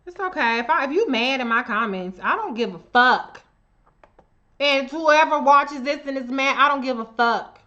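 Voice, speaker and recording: On a muffled recording, an American woman livestreams fiery political commentary, swearing, confronting and hammering her points while addressing commenters directly. She has a high, pushed, bright voice with lively intonation at normal speed.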